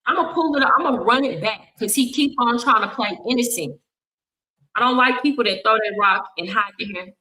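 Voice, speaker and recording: A woman's voice: on the high side, brisk, bright, forceful tone, rough recording. A woman hosting a reaction video, speaking bluntly and confrontationally with heavy swearing. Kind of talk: angry reaction commentary.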